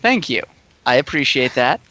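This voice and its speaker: A man's voice: medium pitch, sing-song, normal speed, sharp tone, muffled recording, a little hiss or hum. A man playing a tabletop role-playing game, talking eagerly and chattily about his character's plans. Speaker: player. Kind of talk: casual tabletop game play.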